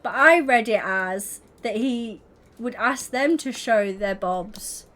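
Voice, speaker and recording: A young woman chats with her stream viewers in a raised voice, often collapsing into laughter. She speaks slowly and leisurely. A soft hiss sits faintly under her voice. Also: fairly high pitch. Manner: giggly, keeps breaking into laughter. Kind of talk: casual live-stream chat with viewers.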